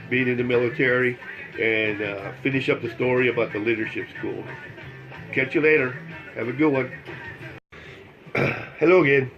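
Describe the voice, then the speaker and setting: Rambling older man, lo-fi recording. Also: medium pitch. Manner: rambling, repeats phrases, casual cursing. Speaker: vlogger telling life stories. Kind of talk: casual spoken storytelling.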